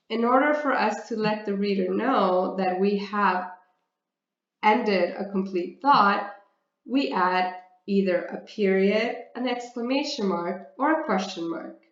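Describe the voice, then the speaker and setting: A woman from Canada teaching an English grammar lesson, explaining step by step and often asking and answering her own questions. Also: mid-range voice. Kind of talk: slow, careful grammar lesson. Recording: roomy, slightly dull sound.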